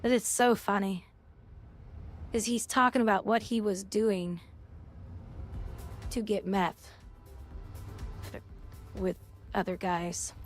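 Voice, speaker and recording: A woman's voice: mid-range voice, steady tone, takes it slowly, pauses often, soft background music. A woman streaming live, chatting casually about a show she is watching, with chatty stumbling restarts.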